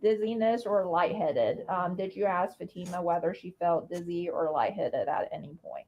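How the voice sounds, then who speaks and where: A woman prosecutor questioning a witness in court, with methodical, measured questions. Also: on the low side, darkish tone. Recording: dull lo-fi courtroom feed.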